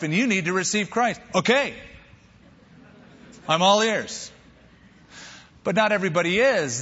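A man preaching a sermon as pastor, lively and animated, acting out quoted voices. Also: on the high side, slightly rough, long reverb tail, lo-fi sound.

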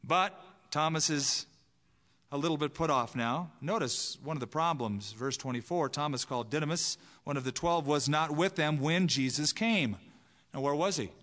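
Preaching in a conversational manner, a pastor acts out quoted voices. He speaks at a moderate pace in a fairly bright voice on the high side, and a long reverb tail follows his words.

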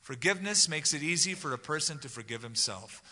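Brisk and barely pausing, this man preaches in a fairly high, sharp voice with lively intonation. His expository sermon, delivered conversationally as pastor, moves verse by verse while he acts out the people in the Bible text. Long reverb fills the sanctuary.

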